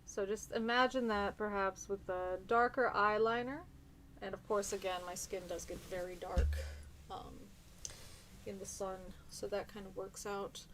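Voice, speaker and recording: A woman's voice: medium pitch, steady tone, a little slow, fairly bright tone, slight background noise. Chatty New woman streaming. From New Zealand. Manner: chatty and hesitant, many ums and restarts. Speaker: livestream host. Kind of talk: casual livestream chat answering viewer comments.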